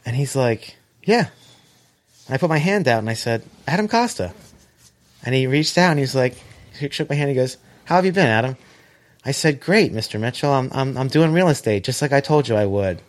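A man telling a long story in casual chat, animated, swearing and acting out quoted dialogue. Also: medium pitch, a little fast.

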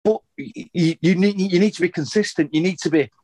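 A man's voice: high-pitched, brisk, a little mellow, slightly rough. A man, a former footballer, telling rambling anecdotes in a casual interview, swearing heavily and restarting his sentences often.

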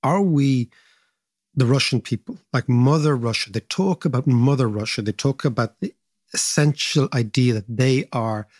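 Husky man telling long stories. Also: mid-range voice, moderate pace, a little mellow, dry recording, studio quality. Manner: expansive, lecturing, digressive with asides. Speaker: podcast co-host. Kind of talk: casual chat, storytelling.

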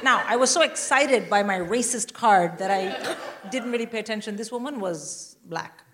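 A woman's voice: medium pitch, normal speed. A middle-aged woman from India telling a comic story on stage, acting out the quotes and swearing freely. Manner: animated, swearing, acts out quotes. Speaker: guest comedian. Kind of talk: live stand-up storytelling. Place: live theatre stage with audience. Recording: loud noise from live venue.

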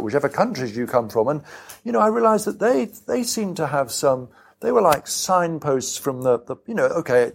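Brief: man, author guest onstage, mid pitch, rambling, self-deprecating. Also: creaky. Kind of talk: conversational onstage interview. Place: live event venue with an audience.

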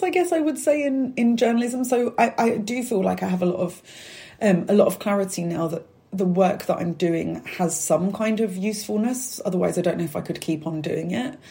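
A woman's voice: medium pitch, normal speed, mellow. A woman, a guest talking openly and animatedly in an interview, with asides and fillers. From England. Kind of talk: interview conversation.

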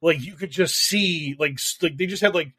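A man co-hosting a casual political comedy podcast, rambling and profane, animated and full of restarts. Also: fairly high pitch, normal speed, slightly rough. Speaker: podcast co-host. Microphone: remote call recording.

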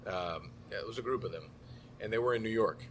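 A man's voice: fairly low pitch, fairly quick, a little hiss or hum. A man hosting a casual chat in a laid-back, joking way.

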